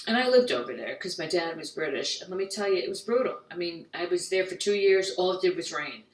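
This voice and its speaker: An American woman doing a stand-up comedy monologue, quick and jokey, slipping into little voiced asides. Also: fairly low pitch, animated, roomy sound, recorded from a distance, poor audio. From United States.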